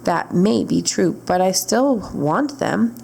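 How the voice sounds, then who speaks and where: A woman's voice: lowish voice, animated, takes it slowly, creaky, a little mellow, slight background noise, heavily acted. A woman voicing a curious, stubborn male scarecrow in a storybook reading. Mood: insistent.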